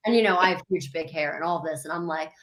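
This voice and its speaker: A woman's voice: low-pitched, fast talker, fairly bright tone, low-quality recording. A woman, a country singer guest, chatting in a bubbly, talkative way and acting out her stories in voices. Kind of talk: casual chat.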